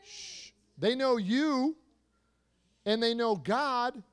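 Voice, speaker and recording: High-voiced animated male preacher. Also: extremely slow, clear, resonant tone. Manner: animated, swings between soft asides and loud emphasis; rhetorical questions and repetition. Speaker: youth speaker. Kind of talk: sermon to a youth group.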